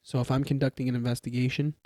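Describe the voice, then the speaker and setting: A man's voice: mid-range voice, level tone, rapid-fire, warm tone, dry recording, studio quality. A young man, a police trainee in casual podcast chat, explaining with examples and lots of fillers and restarts. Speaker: police trainee or new officer. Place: podcast studio in a garage. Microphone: studio mic.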